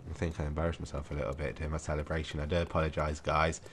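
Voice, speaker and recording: Male let's-player, low voice, chatty, mild swearing, noisy recording. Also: level tone, very fast. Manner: chatty, talks to himself while playing, mild swearing. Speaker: let's play gamer. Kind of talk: live gameplay commentary.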